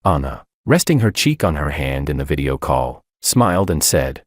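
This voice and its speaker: Deep-voiced man narrating a story. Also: sing-song, normal speed, no room sound, clean studio sound. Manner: cold, mocking, unmoved. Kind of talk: first-person story narration.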